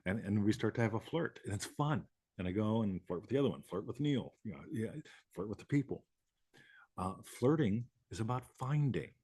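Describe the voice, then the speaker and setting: A man's voice: lowish voice, animated, fairly quick, a little mellow, slightly rough, no room sound, studio quality. A man hosting a live show, talking casually in a rambling way, swearing and laughing often. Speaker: host.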